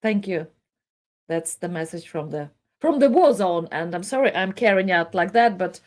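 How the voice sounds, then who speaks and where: A woman giving tearful, impassioned live commentary, pleading with halting restarts. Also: on the low side, animated, a little mellow.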